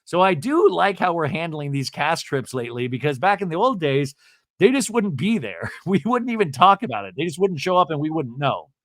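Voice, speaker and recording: A man's voice: on the high side, fairly quick, dry recording, clean studio sound. A man hosting a podcast, recapping reality TV in a chatty, gossipy way and acting out quoted lines. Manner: chatty, gossipy, acts out quotes in lively voices. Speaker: podcast host. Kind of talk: casual recap chat.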